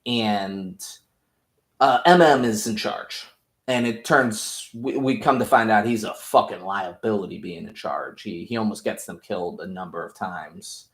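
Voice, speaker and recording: A man's voice: on the low side, measured pace. A man casually recapping a TV episode, rambling, jokey and profane. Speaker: podcast host. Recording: roomy echo.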